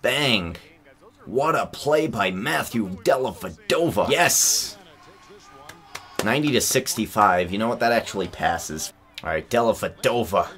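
Excitable young man commentating gameplay. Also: lowish voice, normal speed, faint music behind. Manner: excitable, bursts into yelling and laughter. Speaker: gamer commentating his own play.

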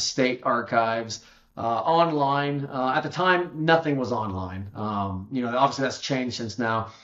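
A man as a podcast guest, telling a long story in a casual, rambling way with many restarts, and getting lively when he quotes other people. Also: mid-range voice, lo-fi sound.

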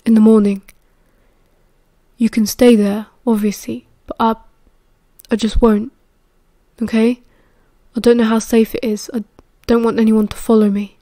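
British woman reading a quiet, stammering young man, close dry sound. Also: fairly high pitch, level tone, a little slow, pauses often, no room sound, close to an everyday voice. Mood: anxious. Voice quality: soft, shaky, hesitant. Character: shaken young werewolf man, quiet and guilty.

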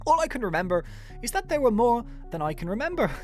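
A woman voicing an elderly, fussy, motherly female spirit bear in a put-on Irish accent, reading game dialogue aloud in a high, fluttery voice and calling the player dear. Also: big pitch swings, quick pace, soft background music. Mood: fussy, doting.

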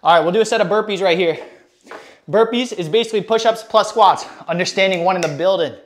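Young male fitness streamer, high voice, winded, casual bro energy. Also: fast. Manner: hyped, casual bro talk to chat. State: out of breath. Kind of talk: live workout stream chat.

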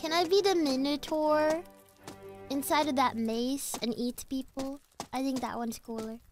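A young-sounding woman with a high voice chats casually while streaming a game. She rambles playfully, jumping from topic to topic with frustrated outbursts. Faint game music plays underneath. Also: fairly even intonation, a little slow, a little mellow. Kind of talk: casual gaming livestream chat.

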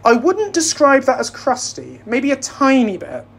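A man's voice: very high-pitched, wildly swooping pitch, unhurried, creaky, a bit bright. A British man hosting a casual baking livestream, joking, self-deprecating and rambling as he chats with his viewers. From Britain. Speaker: livestream host.

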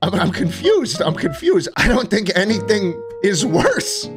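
A man streaming, reacting to clips with loud, incredulous, swearing commentary. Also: high voice, big pitch swings, a little slow, soft background music.

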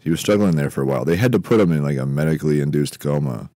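Very deep-voiced man musing in a dry room. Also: very fast, no room sound. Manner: meandering, self-interrupting, deadpan musing with frequent fillers. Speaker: podcast host. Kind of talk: rambling comedic monologue.

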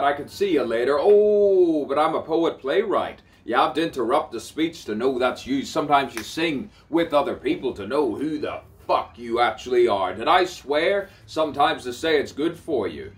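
A man's voice: medium pitch, animated, moderate pace, few pauses, far from the mic, slight background noise. A man, a self-described poet and playwright, delivering a rambling spoken-word monologue, repeating phrases, swearing freely and breaking into song. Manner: repetitive, theatrical, swears freely.

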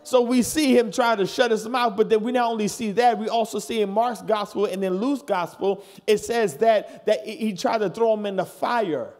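A man's voice: high voice, normal speed, few pauses, darkish tone. A pastor in his thirties preaching a sermon to his congregation in church, building from plain talk into hollering. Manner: talks straight to the congregation.

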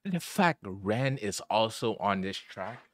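A man's voice: fairly low pitch, lively intonation, takes it slowly. A young man hosting a music reaction, talking in casual slang and exclaiming in surprise as he listens. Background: song playing.

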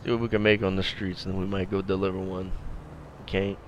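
A man's voice: deep voice, flat delivery, fast talker, muffled recording, slight background noise. A man giving casual, slangy, laid-back commentary while playing a video game. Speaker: gameplay commentator.

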